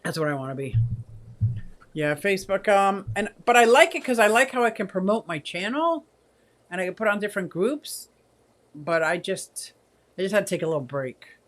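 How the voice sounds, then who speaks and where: A woman's voice: medium pitch, very animated, normal speed. A woman in her sixties hosting a casual livestream, chatty, laughing often and reading viewer comments aloud. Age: 60s. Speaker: aquarium channel host.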